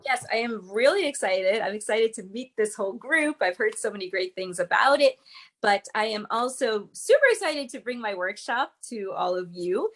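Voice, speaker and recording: A woman's voice: fairly high pitch, expressive, normal speed, fairly bright tone. A woman speaking as a guest, a public speaking coach explaining with emphatic, teacherly energy. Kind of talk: interview guest.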